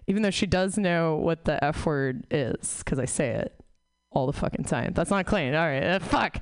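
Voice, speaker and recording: Stand-up woman, crude and self-deprecating, smooth, dry close sound. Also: on the high side, no echo. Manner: profane, rambling, self-mocking. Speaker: stand-up comic. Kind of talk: stand-up set. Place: comedy club stage.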